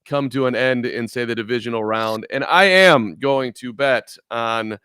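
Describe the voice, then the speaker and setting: A sports podcast co-host chats playfully, joking and stammering into restarts during casual sports talk. His mid-range voice is pushed and bright yet smooth, at a measured pace, in clean studio sound with no room sound.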